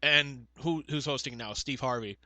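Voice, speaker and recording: A man's voice: mid-range voice, normal speed, sharp tone, no echo. A man co-hosting a casual podcast chat, joking and rambling off into comic tangents. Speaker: podcast co-host.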